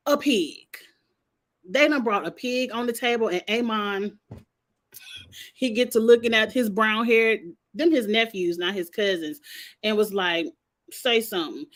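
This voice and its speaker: A woman hosting a casual TV recap, telling the story with sass and playful cursing. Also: medium pitch. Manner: sassy, animated retelling with playful cursing. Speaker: show recap host.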